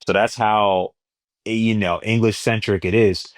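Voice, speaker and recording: Young jersey guy, comedian, low voice, dry close sound, tells stories and jumps way up doing other people. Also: measured pace, no echo. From New Jersey, USA. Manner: animated storyteller, acts out exchanges with big pitch jumps. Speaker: stand-up comedian guest. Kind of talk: casual interview chat.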